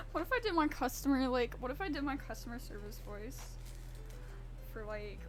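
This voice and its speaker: A woman's voice: high voice, expressive, moderate pace, faint music behind. A woman streamer rambling casually and swearing freely while baking in her home kitchen. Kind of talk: casual live-stream chat.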